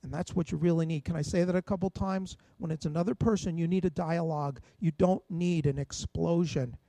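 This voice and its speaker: A man's voice: fairly high pitch, fairly even intonation, brisk, dark tone, no room sound, low-quality recording. An older man giving a conversational sermon as a pastor, often putting rhetorical questions to his listeners.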